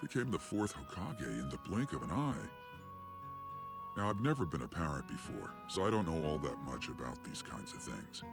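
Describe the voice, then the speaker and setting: A wry, aging ninja sage in an anime dub. The voice is extremely deep and crackles with gravel, and the delivery rises and falls with lively, teasing warmth. Music plays clearly underneath. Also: male voice, normal speed, exaggerated voice. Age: older. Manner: teasing, reflective. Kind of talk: anime English dub acting.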